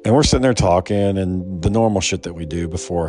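Man, lower register, casual profane storyteller, rambling delivery with restarts, soft music bed. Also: brisk, hardly any pauses. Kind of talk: casual personal anecdote.

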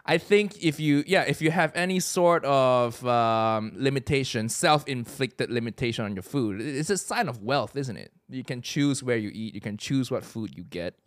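A man's voice: medium pitch, expressive, moderate pace, few pauses. A young man from Asia hosting a podcast, talking in a casual, joking and provocative way and laughing often. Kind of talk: casual chat.

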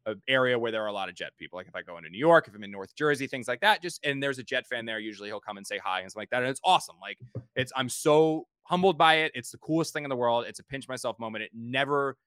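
Male podcast host, rapid rambling talker with a dry close sound. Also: mid-range voice, animated, a bit bright, clear, resonant tone, dry recording. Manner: rambling storyteller who repeats words. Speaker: podcast host and sports reporter. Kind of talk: casual podcast chat.

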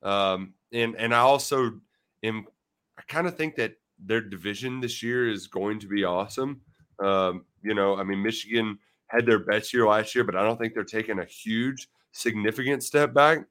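A man's voice: lowish voice, normal speed, a bit bright. A man co-hosting a casual sports betting chat, with playful, self-mocking banter. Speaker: podcast co-host.

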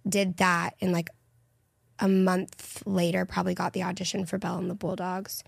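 A woman's voice: fairly low pitch, level tone, normal speed, vocal fry, breathy edge, no room sound, studio quality. A young woman from Texas, a podcast guest chatting casually and teasing the hosts. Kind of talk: casual chat.

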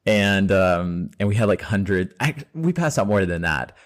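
A man hosting an interview podcast, chatting in a relaxed way, telling a story from his own life and asking questions. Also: deep voice, measured pace. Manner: relaxed, conversational, many fillers. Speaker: podcast host. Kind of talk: casual interview chat.

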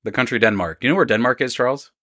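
A man's voice: medium pitch, fast talker, sharp tone, no echo, clean studio sound. A man co-hosting a podcast in casual chat, teasing his partner and laughing often. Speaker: podcast co-host.

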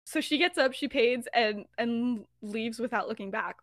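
A woman's voice: a little high, normal speed, a bit bright, dry recording, studio quality. A woman co-hosting a podcast, retelling a story casually, giggly and full of fillers. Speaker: podcast co-host.

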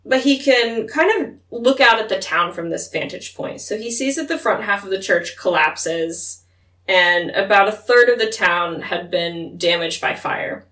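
A woman's voice: medium pitch, animated, measured pace, fairly bright tone, far from the mic. A woman casually recapping and discussing a book with a co-host, often acting out characters' lines. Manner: chatty recapping, acts out characters' lines with laughter. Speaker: podcast co-host. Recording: roomy echo, voice set back from mic.

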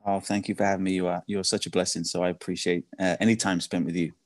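A man's voice: low voice, flat delivery, fast talker. An Englishman from England, a guest on a podcast, chatting casually over a video call and laughing easily. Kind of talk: casual interview chat.

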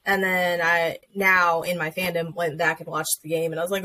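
Woman host, animated chat, acts out quotes. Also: lowish voice, a little fast, hardly any pauses. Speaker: podcast host. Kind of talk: casual chat.

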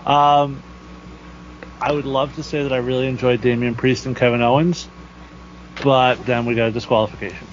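Male podcast co-host, dry sarcastic delivery, mid pitch, dull lo-fi recording with faint noise. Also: little pitch movement, normal speed, long pauses. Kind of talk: casual chat.

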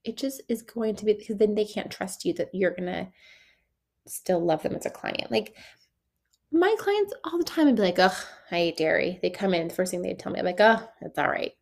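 The solo podcast host here is a young adult woman who coaches estheticians; her medium-pitched voice is dark, animated, fairly quick, and has vocal fry. She chats loosely, leans on "like," laughs a lot, and performs bits of dialogue.

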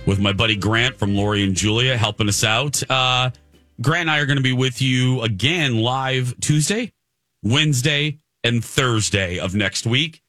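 A man's voice: lowish voice, normal speed, fairly bright tone, soft background music. A male radio talk show host chatting casually on air, telling stories and laughing easily. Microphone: studio microphone.

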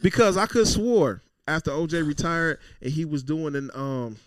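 A man co-hosting a podcast, telling stories loudly and profanely and acting out quotes in casual banter. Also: fairly high pitch, moderate pace. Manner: loud, profane, storytelling with acted-out quotes. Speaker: podcast co-host.

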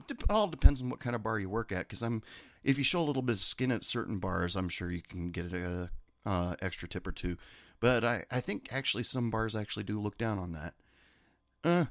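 A man's voice: on the low side, fairly bright tone, no echo, studio quality. A man who has worked as a bartender, talking in a rambling, chatty way and correcting himself as he goes. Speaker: former bartender telling stories. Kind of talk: casual monologue.

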